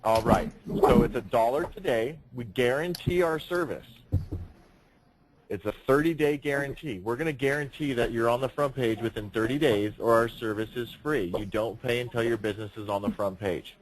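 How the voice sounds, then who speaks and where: A man's voice: mid-range voice, normal speed. A man leading a sales training session, speaking emphatically, projecting his voice and firing rhetorical questions. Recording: noisy room recording.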